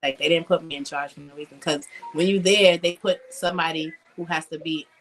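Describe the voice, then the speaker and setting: A woman's voice: low voice, steady tone, fairly quick, soft background music, rough recording. A young woman guest speaking bluntly and with profanity in a casual interview. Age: young adult. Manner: blunt and profane, acts out yelling.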